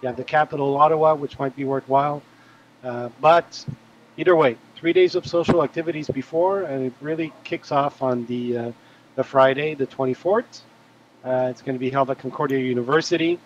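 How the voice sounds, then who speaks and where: A man hosting a live stream, making relaxed event announcements in a casual chat. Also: mid-range voice, a little fast, dull audio. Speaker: host.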